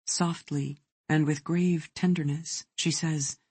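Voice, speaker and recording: An audiobook narrator reading a thriller in a measured, even way. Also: mid-range voice, husky, no room sound.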